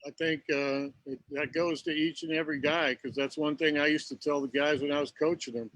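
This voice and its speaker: A man in his sixties, a former pitcher and coach, telling folksy coaching anecdotes as a guest in a casual interview. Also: steady tone, a little fast, a bit bright, no room sound, poor audio. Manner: folksy anecdotes with quoted exchanges.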